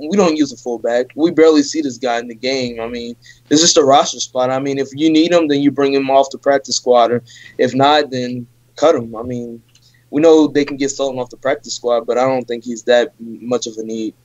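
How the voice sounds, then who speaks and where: A man co-hosting a casual sports talk show, explaining his reasoning in a measured, plain way. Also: medium pitch, a little mellow, no room sound. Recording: dry, dull lo-fi audio.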